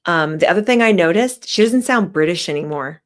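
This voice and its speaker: A woman with a very low voice talks straight to her viewers in a casual vlog. Her commentary is chatty and opinionated, full of fillers. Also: animated, fairly quick, a little hiss or hum. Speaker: vlogger.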